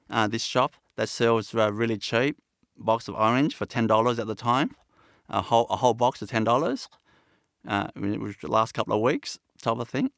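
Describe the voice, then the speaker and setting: A man giving a satsang talk as a spiritual teacher, speaking in a halting, reflective and earnest way with many pauses and restarts. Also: medium pitch, a bit bright, clean tone, dry recording, studio quality.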